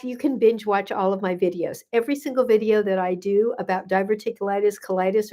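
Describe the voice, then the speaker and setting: An older woman who is a gut health coach, hosting a casual livestream and effusively greeting viewers by name with drawn-out hellos. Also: mid-range voice, a little mellow. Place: home in Santa Barbara.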